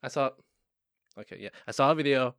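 A young man in casual podcast chat, swearing freely and laughing often, his voice jumping high when excited. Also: fairly quick, dry recording, clean studio sound. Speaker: podcast co-host.

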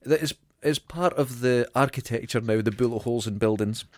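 A man's voice: mid-range voice, brisk, no echo. A man co-hosting a film podcast, chiming in with enthusiastic comments. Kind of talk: casual chat. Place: home studio in Dundee.

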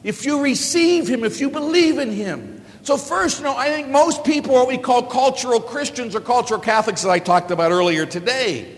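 High-voiced priest preaching in a hall. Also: male voice, a little fast. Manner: storytelling homily, big swings from low asides to loud exclamations. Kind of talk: sermon. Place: church.

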